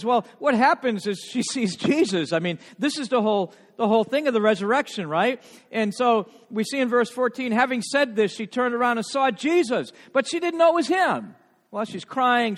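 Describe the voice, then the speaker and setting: A middle-aged male pastor preaching a sermon, swinging from loud, emphatic passages to hushed ones and repeating words when moved. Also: very high-pitched. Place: church sanctuary. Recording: long reverb of a large hall.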